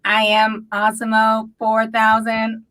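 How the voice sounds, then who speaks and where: A woman playing a stilted, slow-talking robot. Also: on the high side, completely flat delivery, a bit bright, no echo. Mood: stiff. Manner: slow, stilted robot speech, breaking into giggles. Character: halting robot character in costume. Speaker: costumed guest.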